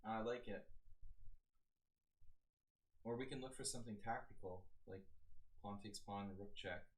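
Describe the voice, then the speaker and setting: A man's voice: fairly low pitch, a little slow, low-quality recording. A man coaching chess on a live stream, chatty and joking as he thinks aloud through the moves. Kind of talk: live-stream game analysis.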